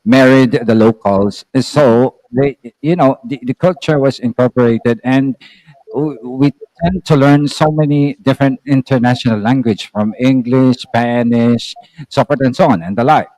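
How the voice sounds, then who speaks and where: A Filipino man with a Filipino accent, chatting casually as a host on a video call and explaining things slowly with examples. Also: mid-range voice, darkish tone, dry recording, low-quality recording. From Philippines. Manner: explains slowly, with repeated examples and filler sounds. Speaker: channel host.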